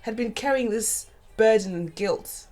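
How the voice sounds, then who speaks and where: A woman's voice: a little high, measured pace, mellow, faint music behind. A middle-aged woman, a guest, earnestly telling a painful personal story and acting out the voices of others. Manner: earnest, acts out quoted voices.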